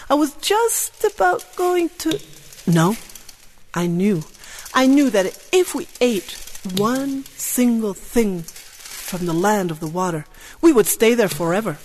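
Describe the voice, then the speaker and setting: A woman telling a first-person tale with strong expression, moving from hushed to loud with drawn-out repetitions. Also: mid-range voice, slight background noise. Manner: drawn-out repetitions and soft exclamations. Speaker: storyteller. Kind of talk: dramatic first-person storytelling.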